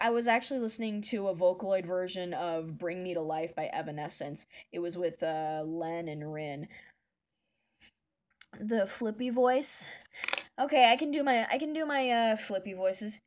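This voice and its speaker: A woman vlogger chatting casually while she draws. She rambles and uses many fillers. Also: medium pitch. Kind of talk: casual chat while drawing.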